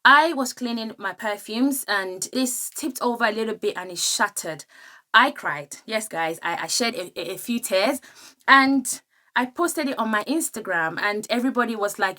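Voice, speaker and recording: A woman's voice: fairly high pitch, lively intonation, normal speed, bright, forceful tone. A young woman reviewing perfumes in a gushing, enthusiastic vlog style. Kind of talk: casual product review vlog.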